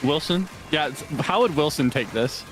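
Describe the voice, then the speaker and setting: A male streamer chats casually while gaming, with a slightly high voice that leaps around expressively. He is giggly and keeps breaking into laughing fits as he teases his friend. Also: lively intonation, normal speed, music in the background. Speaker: streamer host. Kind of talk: casual game-stream chat.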